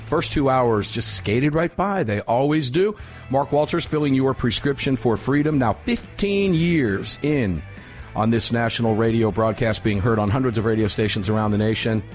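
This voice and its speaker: A middle-aged man hosting a live talk radio show, energetic and folksy, sometimes drawing out words for emphasis. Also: medium pitch, moderate pace, faint music behind.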